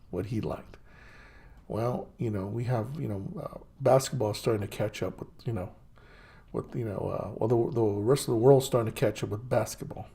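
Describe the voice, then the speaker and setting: Middle-aged guy ranting, gravelly husky voice, lots of um and you know. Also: lowish voice, warm tone. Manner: rambling, many fillers and restarts; scornful, blunt. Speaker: host. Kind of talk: ranting monologue.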